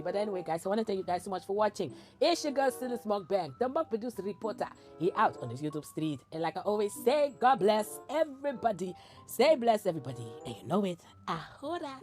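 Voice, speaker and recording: A woman hosting a reaction commentary, animated and exclamatory, often breaking into laughter between remarks. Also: medium pitch, quick pace, faint music behind. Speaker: commentary channel host.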